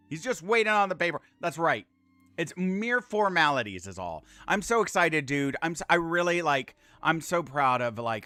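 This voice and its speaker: A man's voice: medium pitch, sharp tone. A man in his thirties streaming a game, talking casually, swearing freely and turning earnest when he praises others. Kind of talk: casual gameplay commentary.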